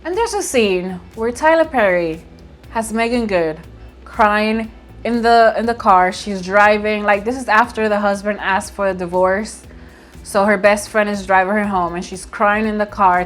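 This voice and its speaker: A woman casually recapping and reviewing a movie at home by her window, chatty and expressive, often laughing as she retells scenes. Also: medium pitch, moderate pace, faint music behind.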